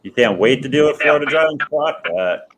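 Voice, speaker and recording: Laid-back swearing stream host. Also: male voice, medium pitch, expressive, fairly quick, background noise. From Pittsburgh, USA. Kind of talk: casual profane chat.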